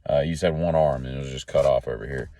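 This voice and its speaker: A man's voice: a bass voice, fairly even intonation, fast talker, vocal fry, mellow, dry recording. A man hosting a solo talk show, rambling from one joking tangent to the next in a folksy way. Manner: jokey, tangent-jumping, folksy. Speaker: podcast host.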